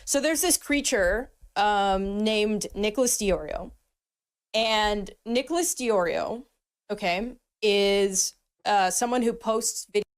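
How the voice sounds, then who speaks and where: A woman's voice: medium pitch, slow, smooth. A woman streamer ranting in a scornful, mocking tone on her stream.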